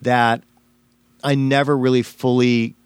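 A man's voice: medium pitch, level tone, slow pace, clean tone, dry recording. Rambling, emotional male comedian, dry close sound. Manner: rambling and emotional, heavy on fillers and restarts. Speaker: stand-up comedian guest. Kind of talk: casual storytelling in a podcast interview.

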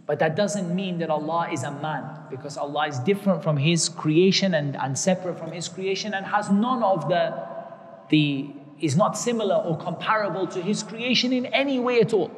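A man's voice: a little high, big-room sound. A man giving a religious lecture, explaining terms patiently and repeating key words. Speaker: Islamic teacher.

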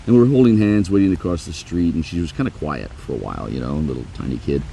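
A middle-aged man hosts a podcast in a very low, dark voice, telling a story with lively energy and acting out the lines he quotes. A faint hiss of background noise runs under him. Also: quick pace, vocal fry. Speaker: podcast host. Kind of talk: casual conversation, storytelling.

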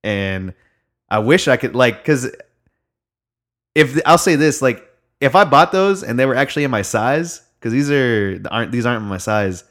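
A man's voice: medium pitch, lively intonation, moderate pace, fairly bright tone. Laid-back young man telling a story. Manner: rambling storytelling, heavy swearing, frequent fillers. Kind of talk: casual chat.

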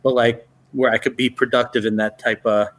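A man co-hosting a podcast, chatting casually in a halting way, with many fillers. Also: mid-range voice, flat delivery, fairly bright tone. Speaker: podcast co-host. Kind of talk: casual chat.

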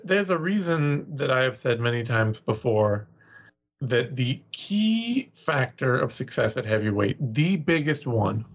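A man's voice: mid-range voice, sing-song, measured pace. A man co-hosting a podcast, breaking down fighters and odds analytically, with lots of fillers. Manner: analytical, full of "you know" fillers. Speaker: podcast co-host. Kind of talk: casual fight-analysis chat. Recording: dull lo-fi sound.

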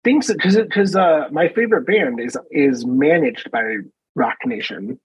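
A man's voice: on the high side, normal speed, husky, no echo. A man co-hosting a podcast in casual chat, rambling and restarting his sentences. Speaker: podcast co-host. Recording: dull, dry lo-fi sound.

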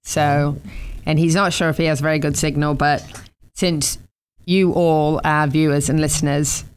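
English woman host, smooth clear voice, easy chatty delivery. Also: low-pitched, little pitch movement, unhurried. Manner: chatty, laughs often. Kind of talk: casual talk show chat.

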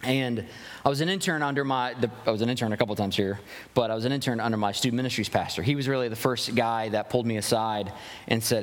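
A young pastor with a mid-range voice preaches quickly in a church sanctuary, where long hall reverb fills the recording. His sermon is earnest and packed with rhetorical questions, and he often restarts his phrases.

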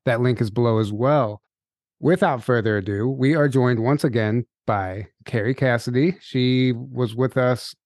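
A man's voice: mid-range voice, unhurried, a little mellow, no echo, studio quality. A man hosting a podcast, reading the promos and interviewing a guest in a casual, upbeat way with frequent fillers. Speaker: podcast host.

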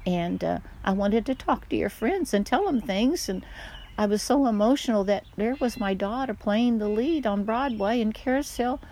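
An older woman, a mother, chatting casually and telling stories in a lively way, often laughing. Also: on the high side, normal speed. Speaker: guest, mother. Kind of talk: casual chat.

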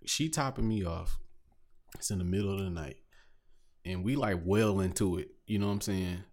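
A man with a lowish voice talks loosely in casual chat. He tells crude stories and keeps breaking into laughter. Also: moderate pace, darkish tone.

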